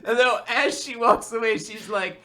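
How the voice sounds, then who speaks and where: A man casually recapping a manga chapter on a podcast, acting out characters' lines in quick put-on voices. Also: extremely high pitch, steady tone, pushed and bright. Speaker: podcast co-host.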